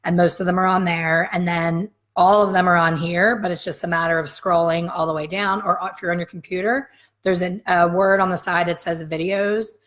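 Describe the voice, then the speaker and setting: A woman's voice: lowish voice, fairly even intonation, normal speed, a bit bright. A woman in her fifties, a hair color educator giving a frank, emphatic live coffee-chat lesson straight to her viewers.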